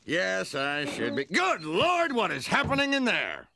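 A man's voice: high-pitched, huge pitch swings, a little slow, creaky, bright, forceful tone, slight background noise, exaggerated voice. A man voicing a stern, pompous middle-aged school superintendent in a cartoon, with a blustery, incredulous delivery. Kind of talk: cartoon voice acting.

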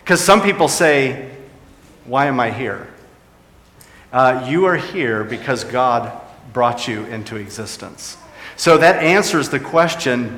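A man's voice: mid-range voice, a bit bright. Preaching man in an echoey hall. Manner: preaching, rising and dropping for emphasis. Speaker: pastor. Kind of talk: sermon.

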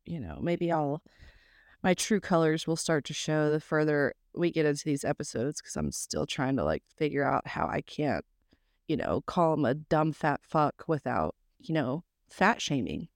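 Blunt, joking woman with a smooth low voice. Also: lively intonation, moderate pace, no room sound, studio quality. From South Mississippi. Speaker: podcast co-host. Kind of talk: casual true crime chat.

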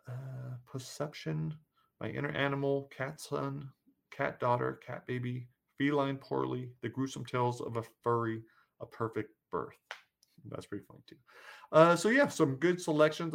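Rambling casual male author. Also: medium pitch. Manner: rambling, filler-heavy, self-correcting. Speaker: horror fiction author. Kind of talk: casual vlog chat.

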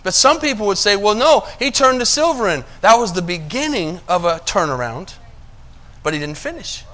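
A male pastor preaching a sermon, checking that the congregation is following and moving between quiet asides and loud, emphatic stretches. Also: sits high, big pitch swings, moderate pace.

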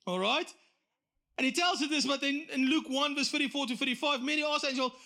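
A middle-aged man preaching a sermon, telling the story with lively asides and acted-out voices. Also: extremely high pitch, fast. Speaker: pastor.

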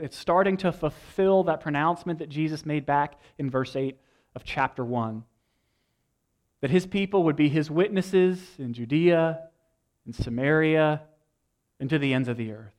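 A young adult man preaching a sermon, telling a story with lively energy and acting out lines from a movie. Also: a little high. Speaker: pastor.

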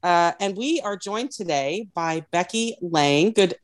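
A woman's voice: on the low side, lively intonation, unhurried. A woman hosting a casual podcast, opening the show, joking about herself and introducing her guest. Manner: friendly, self-deprecating host banter. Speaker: podcast host.

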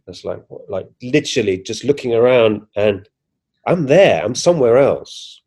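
A man's voice: mid-range voice, expressive, normal speed, darkish tone, slightly rough. A man, a podcast guest animatedly retelling a personal experience, acting out his own reactions with frequent restarts. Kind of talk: casual first-person storytelling.

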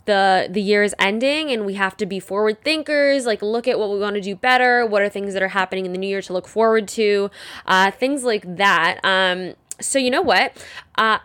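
A woman's voice: medium pitch, normal speed, fairly bright tone. A young woman hosting her own podcast, chatting casually and rambling with frequent fillers. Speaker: podcast host. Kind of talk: casual solo podcast chat.

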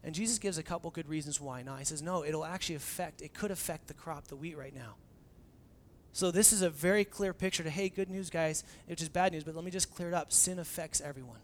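Speaking from the pulpit, a young pastor delivers his sermon in a lively, conversational style, performing the lines of dialogue he cites. His voice sits on the high side, and he talks a little fast.

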